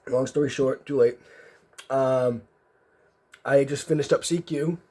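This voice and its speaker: A man's voice: mid-range voice, steady tone, measured pace, mellow. A man telling a story casually as a card video host, rambling with lots of fillers and restarts.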